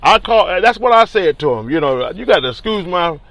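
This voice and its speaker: A man, a teachers union leader telling a story in an animated, colloquial and emphatic way. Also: high-pitched, brisk, no room sound. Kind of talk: casual spoken storytelling.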